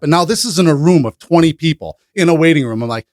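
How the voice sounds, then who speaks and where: A man's voice: a little high, quick pace, few pauses, no echo. Blunt, profane man in dry studio. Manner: blunt, profane, animated storytelling. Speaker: podcast guest, business owner. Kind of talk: casual interview chat.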